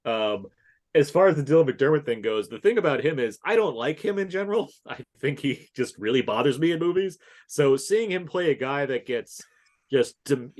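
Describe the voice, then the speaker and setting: A man co-hosts a casual film podcast, his pitch swinging widely as he gets animated. He laughs often and swears without a second thought. The talk stays loose and conversational throughout. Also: normal speed. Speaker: podcast co-host.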